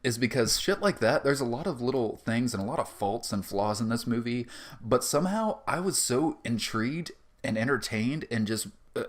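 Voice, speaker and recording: A man co-hosting a podcast, chatting casually and rambling about a film, with loose swearing. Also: medium pitch. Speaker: podcast co-host. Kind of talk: casual film review chat.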